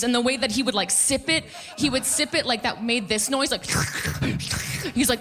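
A woman in her thirties doing a stand-up comedy set on a club stage, animated and acting out quotes in put-on voices. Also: fairly high pitch, normal speed.

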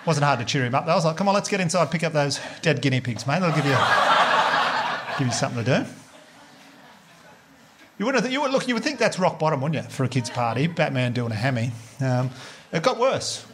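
An Australian man in his thirties tells a stand-up story with a fairly high voice, swearing freely and laughing as he goes. He acts out other people's lines in raised, animated bursts. The recording carries clear background noise. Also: brisk, long pauses. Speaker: stand-up comedian.

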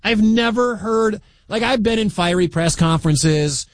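A man's voice: sits high, a little slow, dry recording. A middle-aged man from the American Midwest hosting sports talk radio, chatty and incredulous.

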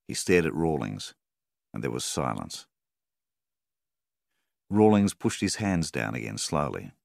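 A man narrating a story in a measured, steady reading style. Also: a bass voice, gravelly, dry recording, studio quality. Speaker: audiobook narrator. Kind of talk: scripted narration.

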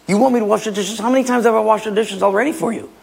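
A preacher acts out a squabbling spouse in a comic sermon skit, exaggerated and nagging. The voice is gravelly and pushed higher than his own. A long hall reverb trails every line. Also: animated, fairly quick, heavily acted. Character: bickering husband and wife in a comic skit.

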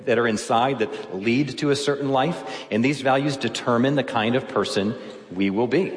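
A preacher's voice ringing through a hall. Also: male voice, medium pitch. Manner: teaching, explaining verses step by step with rhetorical questions. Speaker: pastor. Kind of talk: sermon. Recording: echoey hall with long reverb.

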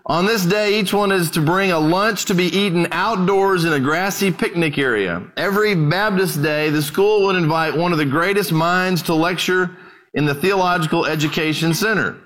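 A man's voice: high-pitched, normal speed, a bit bright. A man preaching as pastor, telling stories in a conversational way and addressing listeners as "guys.". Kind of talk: sermon storytelling.

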